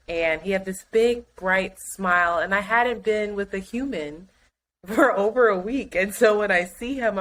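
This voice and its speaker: A woman co-hosting a podcast, telling a story in casual chat, animated and laughing often. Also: medium pitch, low-quality recording. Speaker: podcast co-host.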